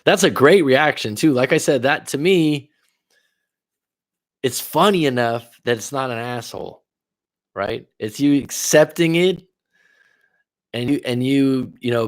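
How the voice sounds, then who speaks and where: Male life coach, mid-pitched, loose and profane livestream chatter, dry close sound. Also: no echo. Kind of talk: casual livestream chat reading viewer comments.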